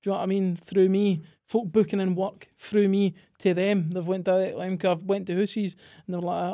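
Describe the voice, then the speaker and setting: Man, Scottish accent, high-pitched, blunt, casual podcast chat. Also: fairly even intonation, moderate pace, gravelly, hardly any pauses, mellow. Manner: blunt, swears, laughs often. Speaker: tradesman guest.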